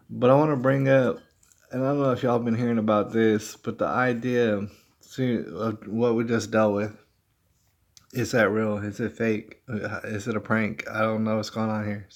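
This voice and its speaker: A man's voice: mid-range voice, creaky. A man hosting a casual livestream from home, rambling conversationally and calling his viewers "y'all.". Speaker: livestream host.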